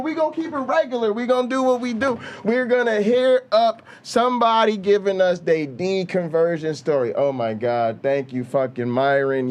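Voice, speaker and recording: A man hosting a reaction show, loud and mocking, with profane, hyped-up commentary. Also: on the high side. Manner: loud, hype, mocking, swears constantly. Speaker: reaction channel host.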